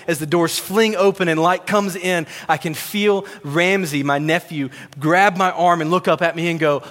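A young man preaching a sermon, telling stories and dropping to a near whisper when he voices God's words. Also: fairly high pitch. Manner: storytelling, drops to a hush for God's words. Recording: long reverb of a large hall.

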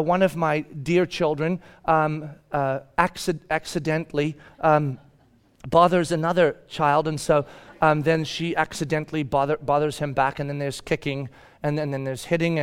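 A middle-aged man preaching a sermon, telling a family story and acting out his own shouting. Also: fairly high pitch, clean tone. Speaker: pastor.

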